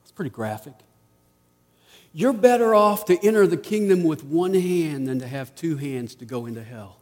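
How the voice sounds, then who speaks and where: A man preaching a sermon as pastor, rising to emphatic peaks and dropping to quiet asides. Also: on the high side, lively intonation, normal speed, in a large hall.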